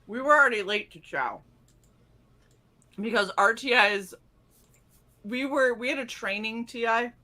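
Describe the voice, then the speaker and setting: A woman co-hosting a casual stream, swapping profane basic training stories and acting out the drill instructors. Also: fairly high pitch. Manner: profane, animated, acts out drill instructors in a loud mock voice. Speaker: stream co-host.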